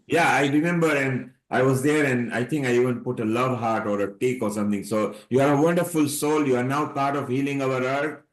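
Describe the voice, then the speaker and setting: A man's voice: medium pitch, steady tone, fairly quick, few pauses, reverberant, poor audio. A man hosting an online call, talking in a loose, rambling way and repeating words. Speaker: host. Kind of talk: casual online chat.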